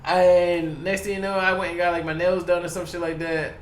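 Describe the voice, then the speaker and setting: A man's voice: high voice, little pitch movement, brisk, reverberant, slight background noise. A man from Baltimore, a podcast guest telling a long, profane, rambling story packed with quoted dialogue. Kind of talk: casual storytelling. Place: podcast studio.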